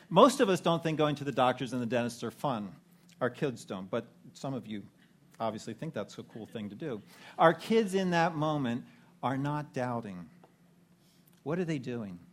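A man preaching a sermon in a conversational way, posing rhetorical questions to his listeners. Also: mid-range voice. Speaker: pastor.

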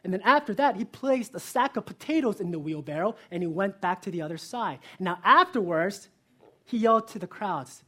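A man's voice: high voice, brisk. A male pastor preaching a sermon in an earnest way, asking the listeners direct questions and telling stories with energy. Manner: lively storytelling.

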